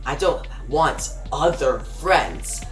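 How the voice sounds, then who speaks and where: A woman reading the lines of a weary, bitter male chimp detective in a low, plain voice. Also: animated, takes it slowly, echoey room, soft background music. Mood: gloomy.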